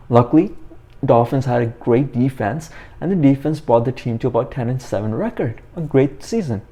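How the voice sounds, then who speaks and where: A man's voice: on the high side, mellow. Young man ranting hotly about football. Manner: heated, repetitive ranting. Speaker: sports commentator. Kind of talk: ranting sports opinion monologue.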